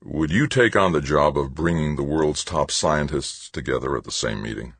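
A man's voice: extremely low pitch, moderate pace, fairly bright tone, slightly rough, no room sound, heavily acted. A man voicing a terse, grave male visionary who speaks of the survival of humankind. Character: calm visionary man with urgent message.

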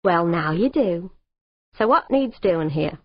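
A woman's voice: on the low side, lively intonation, slow, dry recording. A woman narrator voicing a big, blunt Australian man who grumbles, with an Australian accent. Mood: grumbling. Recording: dull lo-fi audiobook recording.

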